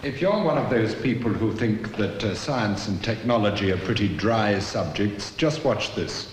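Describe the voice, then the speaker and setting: A British man presenting a 1970s science television report in a crisp, measured way. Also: fairly low pitch, expressive. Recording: roomy archive TV sound with faint hiss.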